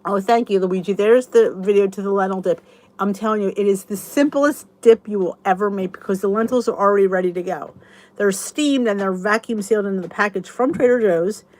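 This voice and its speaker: A woman's voice: medium pitch, a little fast, darkish tone. A middle-aged woman hosting her channel, chatting casually and enthusiastically to viewers in a rambling way. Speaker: YouTube channel host.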